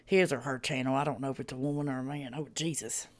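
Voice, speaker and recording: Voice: mid-range voice, fairly even intonation, fast. A host chatting on a reaction livestream, greeting viewers by name and swearing in a folksy, drawling way. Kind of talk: casual reaction livestream chat.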